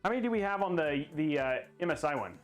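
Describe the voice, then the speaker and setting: This PC-building livestream host has a fairly high pitch, an animated delivery, and a quick pace. Rambling and goofy, he jokes and laughs at himself as he talks to chat over faint background music.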